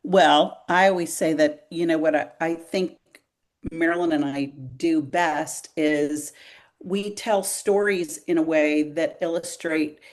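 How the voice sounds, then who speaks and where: An older woman comedian chatting in an interview, telling animated stories full of fillers. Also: low voice, slow pace. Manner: animated storyteller, many fillers. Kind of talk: casual interview chat.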